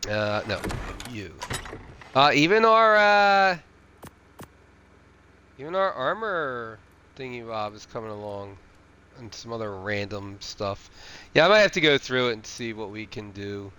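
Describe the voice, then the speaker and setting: A man's voice: medium pitch, sing-song, unhurried, long pauses, pushed and bright, a little hiss or hum. A man streaming a survival game, casually thinking aloud with lots of fillers and restarts. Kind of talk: casual gameplay commentary.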